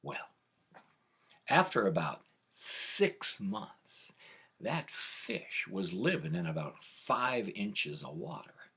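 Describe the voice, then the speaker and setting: A storyteller spins a tall tale with great animation, swinging from hushed whispers up to loud shouts. His low voice is husky but bright, with a very lively melody, and he takes an unhurried pace.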